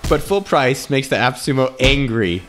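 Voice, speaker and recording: A man's voice: mid-range voice, animated, moderate pace, music in the background. A man reading old ad copy aloud with theatrical flair, often breaking into laughter as he goes. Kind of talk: dramatic read-aloud with laughter.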